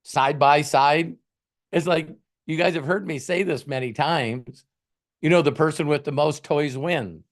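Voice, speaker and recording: A man's voice: fairly high pitch, moderate pace. A man hosting a casual motivational talk, rambling conversationally and acting out little scenes. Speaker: host, motivational coach.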